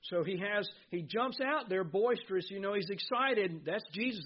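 A man preaches a sermon as pastor, earnestly reading scripture aloud and putting questions to his congregation. His voice sits high, moving fairly quickly with few pauses. The audio is dull.

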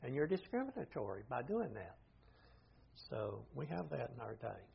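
A man's voice: medium pitch, big pitch swings, normal speed, vocal fry, slight background noise. An older man teaching an informal Bible study class, plain-spoken and thinking aloud as he goes. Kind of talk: informal lecture to a group. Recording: dull lo-fi recording.

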